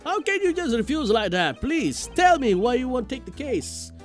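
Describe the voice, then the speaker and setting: A man's voice: very high voice, big pitch swings, moderate pace, soft background music, voice pushed up. A man voicing an earnest, pushy young male defense lawyer from a video game, talking in an urgent, insistent way.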